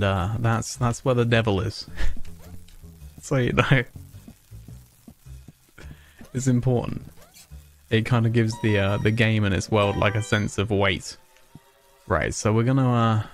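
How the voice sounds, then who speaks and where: A man streaming a video game, chatting casually in a rambling, self-mocking way with frequent chuckles. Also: lowish voice. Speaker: gaming streamer. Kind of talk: casual let's-play commentary.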